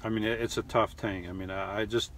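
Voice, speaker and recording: Middle-aged male host, halting and rambling chat style, low-pitched, slight background ambience. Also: steady tone, a little hiss or hum. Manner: rambling, halting, many restarts and fillers. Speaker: live stream host reading chat. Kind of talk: casual live chat. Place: lives in New York.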